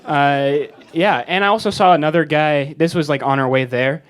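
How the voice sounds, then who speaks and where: A teenage boy with a slightly raised pitch describes trip photos to an audience. He speaks plainly, with some hesitant restarts. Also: normal speed, clean tone. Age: teens. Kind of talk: casual sharing to an audience.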